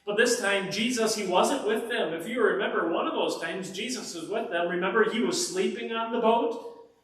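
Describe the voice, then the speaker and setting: A man, a pastor, giving a children's message as an animated storyteller speaking to kids in a church. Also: high-pitched, moderate pace. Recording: echoey church from far off.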